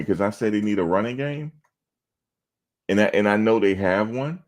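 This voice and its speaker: A man with an exceptionally deep voice hosts a sports talk show. He banters loosely with viewers in the chat, mocking them and repeating lines for laughs. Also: lively intonation, normal speed, pauses often. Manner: trash-talking, mocking, repeats himself for laughs. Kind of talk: casual chat responding to live chat.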